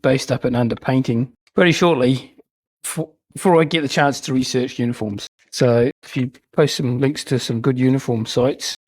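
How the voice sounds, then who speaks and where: A man rambling with cheerful enthusiasm about his latest hobby pieces, his voice slightly breathy and husky. He talks at an ordinary middle pitch, and the recording is dry and close, with no room echo. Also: fairly even intonation, moderate pace. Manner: chatty, rambling, enthusiastic, self-mocking. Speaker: miniature wargaming channel host. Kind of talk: casual unboxing and hobby chat.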